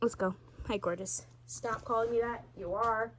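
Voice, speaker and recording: A woman's voice: a little high, fairly even intonation, moderate pace, a little hiss or hum. A woman telling a homemade family role-play, switching between character voices for each family member. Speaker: storyteller voicing all characters.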